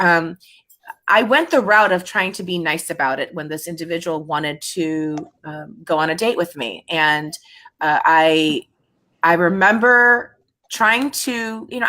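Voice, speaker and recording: A woman's voice: fairly low pitch, sharp tone. A woman hosting a casual panel chat, speaking reflectively with frequent restarts and easy laughter. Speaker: host.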